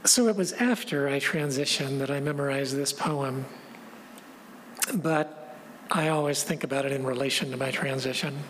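A woman pastor giving a reflective, measured sermon and repeating key phrases. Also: rumbling low. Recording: long reverb, faint background noise.

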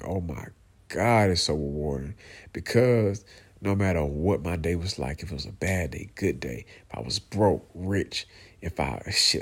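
A man speaking to his viewers in an emotional, heartfelt monologue, earnest and halting, often repeating himself and filling pauses with "you know" and "man". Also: deep voice, animated, breathy edge. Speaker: vlogger, father speaking to viewers.

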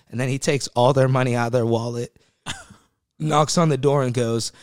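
A man from Ohio, a podcast guest, tells stories in loose, slangy talk. His voice sits at an everyday middle pitch. The sound is dry and close, with no room behind it. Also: fairly even intonation, a little fast, a little mellow, smooth, no room sound. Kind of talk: casual podcast chat.

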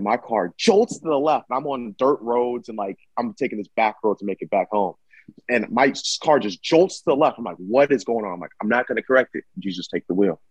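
A man telling a story in casual chat, dramatic and animated, acting out what people said. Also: mid-range voice, husky, no echo, rough recording. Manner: animated, dramatic retelling with acted-out quotes. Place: Michigan.

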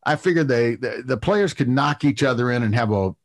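A middle-aged man recounts a story as an interview guest, voice at an ordinary pitch. He stumbles through fillers and repeated words, then pushes on eagerly. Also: a little fast. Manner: animated anecdote-telling with many fillers and restarts. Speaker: TV producer guest.

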